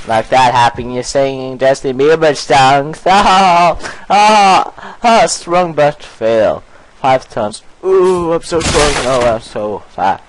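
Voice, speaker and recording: Young male let's player, goofy and excitable; pitch leaps all over, unhurried talk. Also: no room sound, rough recording. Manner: goofy and excitable, breaks into silly singing and swearing. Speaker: gameplay commentator. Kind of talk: casual let's play commentary.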